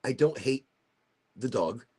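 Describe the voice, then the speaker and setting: A man's voice: medium pitch, expressive, slow pace, warm tone, breathy edge. A man hosting a casual livestream chat, rambling from topic to topic and losing his thread. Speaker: host of a livestream talk show.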